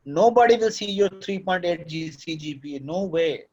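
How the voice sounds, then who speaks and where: Man, high voice, paternal lecturer, classroom, muffled lo-fi sound. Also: lively intonation, normal speed, darkish tone. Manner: fatherly, lecturing, switches into Urdu. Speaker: course director and lecturer. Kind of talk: classroom talk to students.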